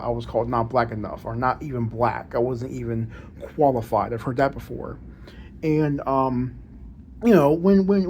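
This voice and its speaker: A man's voice: mid-range voice, darkish tone, slight background noise. A man talking casually to camera in a monologue, with proper, careful diction and frequent restarts and repeated words. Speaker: vlogger.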